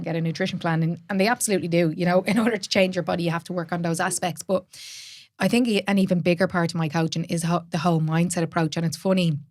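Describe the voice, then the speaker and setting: An Irish woman in her thirties hosts a podcast and speaks openly in relaxed conversation. Her voice sits a little low and she swears casually. The sound is close and dry. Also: no echo. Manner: candid, swears casually, laughs often. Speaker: podcast host and fitness coach. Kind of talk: casual chat.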